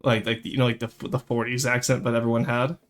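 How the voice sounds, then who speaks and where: A man chatting casually on a live stream, animated and rambling, quick to laugh. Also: medium pitch, faint music behind.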